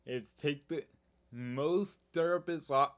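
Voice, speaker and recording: A man's voice: fairly high pitch, takes it slowly, a bit bright. An American man co-hosting a music reaction video, chatting casually with wry, sarcastic asides. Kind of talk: casual chat.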